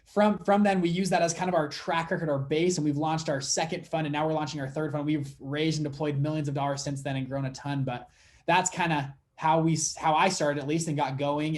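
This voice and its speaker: Young guy telling a story on an interview, kinda high voice, acts out the back and forth. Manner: animated storyteller acting out dialogue. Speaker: fund manager guest.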